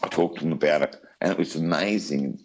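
A man's voice: rumbling low, fast talker, lo-fi sound. A man with an Australian accent, telling his story as an interview guest in a chatty, rambling way. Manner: chatty, rambling with many asides.

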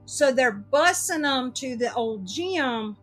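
A woman's voice: sits high, slow pace. A woman telling a story in casual chat, acting out what everyone said. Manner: animated storytelling, acts out quoted dialogue.

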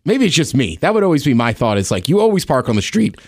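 Easygoing co-host with a dry sound. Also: male voice, mid-range voice, sing-song, quick pace, darkish tone, slightly rough, no echo. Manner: chatty, agreeable, laughs along. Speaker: podcast co-host. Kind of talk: casual chat.

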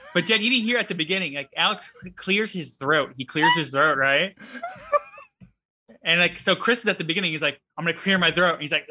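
A man co-hosting a casual podcast, retelling funny moments in an animated way. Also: fairly high pitch, fairly quick, background noise. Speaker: podcast co-host. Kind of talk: casual chat.

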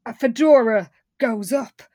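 A woman co-hosting a podcast, telling the story of an episode in lively casual chat and acting out the characters' lines. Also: a little high, unhurried, no echo, studio quality. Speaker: podcast co-host.

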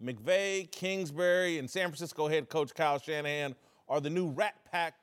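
A man's voice: on the high side, moderate pace, smooth. A man hosting a comedic sports talk show, giving blunt, playful verdicts. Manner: blunt, playful ratings delivery.

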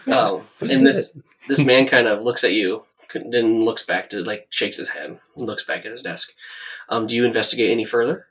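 A man running a tabletop game as game master, narrating in a soft-spoken, meandering way. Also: mid-range voice, big pitch swings, moderate pace, recorded from a distance, low-quality recording. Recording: voice set back from the mic.

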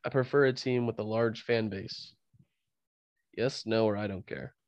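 A man's voice: fairly low pitch, fairly even intonation, a little slow, a little mellow, no room sound, muffled recording. A man with a cold hosting a casual sports podcast, laughing often and rambling with restarts. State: fighting a cold. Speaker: podcast host.

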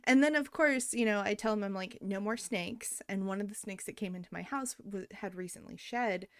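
A woman hosting a podcast, chatting casually and telling animated stories with frequent laughter. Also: medium pitch, fairly quick, no echo, clean studio sound. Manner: animated storyteller, laughs often. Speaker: podcast host.

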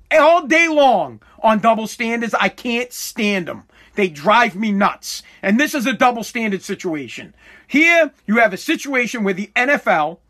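A man with a high voice talks straight to his live chat. His tone is bright and sharp, and he rants fiercely, swears a lot and keeps repeating himself. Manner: fiery, profane, repetitive. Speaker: livestreamer. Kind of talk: heated ranting commentary to live chat.

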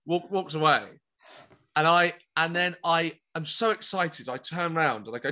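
A man telling a comic story as a podcast guest, excitable, stumbling over repeated words and laughing often. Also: fairly high pitch, moderate pace. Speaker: comedian guest. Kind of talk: animated anecdote telling.

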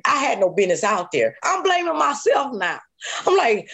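A woman's voice: on the low side, sing-song, moderate pace, breathy edge. A woman guest telling a harrowing personal story in an interview, vividly and emotionally, repeating phrases and sometimes close to tears. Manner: vivid retelling with repeated phrases and sound effects; voice rises and falls sharply with emotion.

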